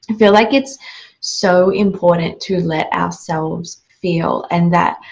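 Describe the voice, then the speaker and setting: A woman's voice: on the low side, vocal fry, dull audio. A woman hosting a podcast, speaking in a reflective, casual way with frequent "like" fillers. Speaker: podcast host. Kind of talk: casual spiritual conversation.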